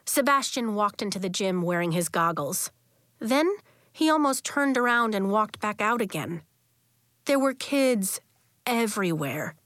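A woman narrating a children's novel with an expressive storytelling delivery, close to the mic. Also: a little high, no room sound. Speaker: audiobook narrator.

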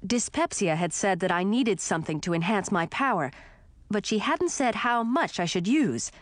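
A woman's voice: mid-range voice, animated, normal speed, dry recording. Woman narrating a fantasy storybook. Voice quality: clear storytelling read with voiced characters. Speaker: audiobook narrator. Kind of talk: scripted narration.

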